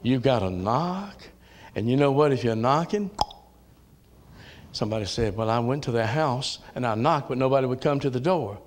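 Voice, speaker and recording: A man with a Southern US accent preaching a sermon in a church, folksy, dropping to low asides and rising to shouted calls. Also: lively intonation, moderate pace, a little hiss or hum. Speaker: pastor. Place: church sanctuary.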